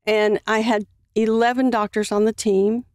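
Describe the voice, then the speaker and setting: A woman guest on a podcast, earnestly telling a personal story in a halting way with many fillers. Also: fairly high pitch, level tone, darkish tone, clear, resonant tone, no room sound, clean studio sound.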